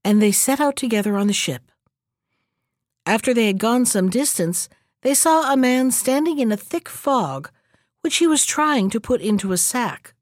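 A woman narrating a fairy tale as a storybook reading, lively and expressive. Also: on the high side, moderate pace, dry recording, studio quality.

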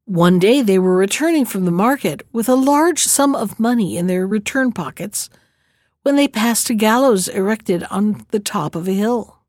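A woman narrating a storybook tale in a steady, measured way. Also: mid-range voice, no echo, clean studio sound. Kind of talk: storybook reading.

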